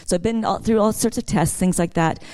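A woman's voice: mid-range voice, fairly quick, dark tone. Chatty woman giving a church testimony. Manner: chatty storytelling, rising into fervent praise. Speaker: worship leader sharing a testimony.

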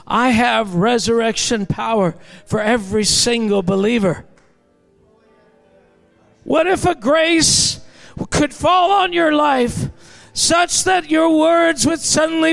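A male preacher with an unusually high, gravelly voice delivers a passionate sermon. He rises into shouted peaks. Soft music plays faintly underneath. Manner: impassioned, building to shouts.

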